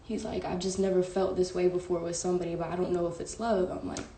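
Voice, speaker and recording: Gravelly, low-voiced young woman. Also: little pitch movement, fast, dark tone. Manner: candid and emotional, heavy use of "like" and "bro". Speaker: live-stream host. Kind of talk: casual storytelling to viewers. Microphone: phone live stream. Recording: echoey room with faint background hiss.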